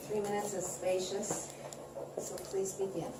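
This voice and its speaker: A woman facilitating a workshop, calmly giving instructions for a listening exercise to the group. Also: medium pitch, unhurried. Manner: calm, instructive, gentle pacing. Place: large conference hall. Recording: roomy hall from far off, noisy.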